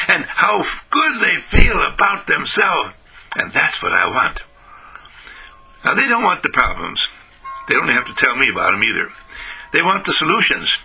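Lively, bright-voiced man giving an uplifting radio talk. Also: fairly high pitch, breathy edge, poor audio. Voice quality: animated, sing-song emphatic delivery. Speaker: spiritual speaker.

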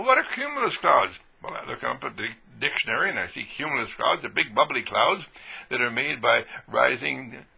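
A man giving an exuberant motivational talk on radio, swinging between hushed and loud and laughing often. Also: mid-range voice, vocal fry, husky, lo-fi sound. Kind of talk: animated motivational monologue.

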